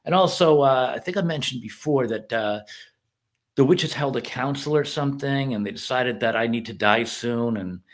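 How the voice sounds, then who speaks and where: Middle-aged reverend guy doing a casual movie review vlog, earnest and rambly, keeps circling back, ordinary mid-range voice. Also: mid-range voice. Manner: earnest, rambling, halting delivery.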